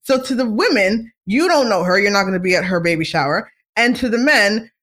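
Outspoken vlogger riffing on celebrity news, casual and animated, with a lively pitch. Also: fairly quick. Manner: animated, swears freely, mimics others in high voices.

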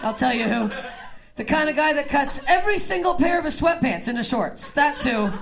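A woman from Canada performing a stand-up set on a club stage, deadpan and swinging between low mutters and loud outbursts. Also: moderate pace, creaky, crowd noise. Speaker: stand-up comic.

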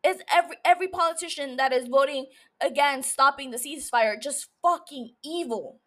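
A woman's voice: sits high, brisk, a bit bright. A woman hosting a solo podcast from her room into a mic, blunt and emotional, swearing freely as she rants and gushes. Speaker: podcast host. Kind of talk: casual solo podcast talk. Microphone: studio mic.

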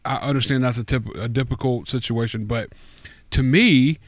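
A man's voice: mid-range voice, normal speed, dry recording. A man co-hosting a casual sports podcast, rambling in an exasperated, profane way. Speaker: podcast co-host. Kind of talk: casual fantasy football chat.

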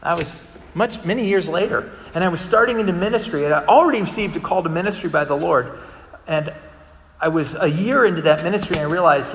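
A man's voice: a little high, brisk, a bit bright, big-room sound, slight background noise. A male pastor delivering a sermon in a conversational storytelling manner, acting out the people he quotes. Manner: conversational storytelling, vividly acts out quoted dialogue.

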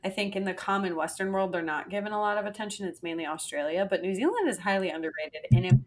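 A woman's voice: medium pitch, fast talker. A woman in her twenties, co-hosting a podcast, telling a dating story in casual chat, swearing freely and laughing often. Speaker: podcast co-host.

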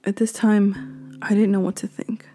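A woman reading a horror story aloud, slow and hushed, sometimes dropping to a whisper. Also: medium pitch, flat delivery, soft background music.

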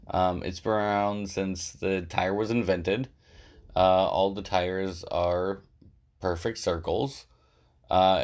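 Deep, gravelly-voiced man rambling jokingly. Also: darkish tone. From Southern California. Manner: rambling, joking, filler-heavy. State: out of breath. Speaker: podcast co-host. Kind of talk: casual podcast chat and self-read ad.

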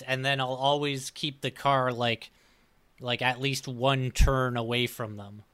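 A man's voice: mid-range voice, a bit bright, clear, resonant tone. A man playing a tabletop game, thinking aloud with hesitant starts. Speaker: player. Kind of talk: casual tabletop game play.

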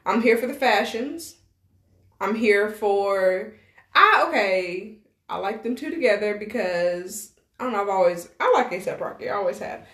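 A woman's voice: mid-range voice, lively intonation, a little slow, a bit bright. A young woman co-hosting a podcast, gushing and giggly in casual chat. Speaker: podcast co-host. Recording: roomy echo.

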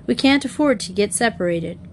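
A woman reading aloud voices a calm teenage boy who speaks in a soothing, reassuring way. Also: on the high side, fairly quick, slight background noise, natural voice. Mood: urgent. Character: kind, calm teenage boy, older brother.

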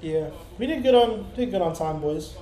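A man's voice: sits high, animated, moderate pace, dark tone, reverberant. A man co-hosting a podcast, chatting casually and telling a rambling, profane story, acting out the people he quotes. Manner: rambling storytelling, swearing, acts out quoted voices. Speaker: podcast co-host. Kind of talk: casual chat.

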